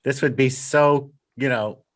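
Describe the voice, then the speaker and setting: A man's voice: medium pitch, measured pace. A man co-hosting an interview podcast, chatting casually with hesitant, self-deprecating jokes. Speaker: podcast co-host.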